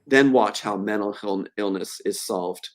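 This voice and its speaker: A man's voice: lowish voice, measured pace. Choked-up man pleading earnestly. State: choked up with emotion. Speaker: guest. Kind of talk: live web show interview.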